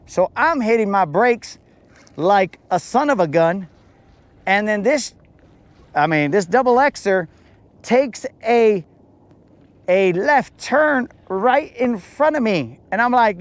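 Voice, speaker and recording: A man's voice: high-pitched, animated, slow, no room sound. A man hosting a podcast, telling a story in a casual, slangy, laid-back way. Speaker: podcast host.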